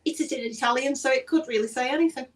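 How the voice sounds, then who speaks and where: Woman podcast host, high-ish voice, chatty news reader with asides, mic set a bit far off. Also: quick pace, slight background noise. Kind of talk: casual podcast chat. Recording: distant mic.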